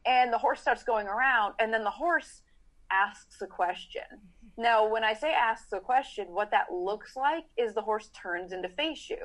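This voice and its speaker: A middle-aged woman horse trainer, a podcast guest, explaining training in casual, animated chat and acting out riders' thoughts in quick asides. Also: on the high side.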